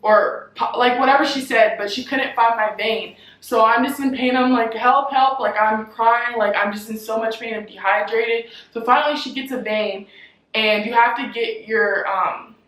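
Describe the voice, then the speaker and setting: A woman's voice: fairly high pitch, fairly even intonation, normal speed, a bit bright. A young woman vlogger telling a personal story in a chatty way, with filler words every few words. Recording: roomy echo with faint ambience.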